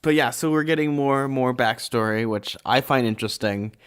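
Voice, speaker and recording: A man's voice: medium pitch, brisk, a bit bright, smooth. A man co-hosting a podcast, recapping a book in easygoing casual chat with small jokes. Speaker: podcast co-host.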